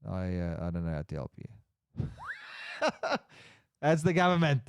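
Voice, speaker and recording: A man's voice: sits low, big pitch swings, a little slow, smooth, dry recording. A man hosting a casual livestream chat, rambling and restarting his sentences as he reads the chat aloud. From Australia. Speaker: livestream host.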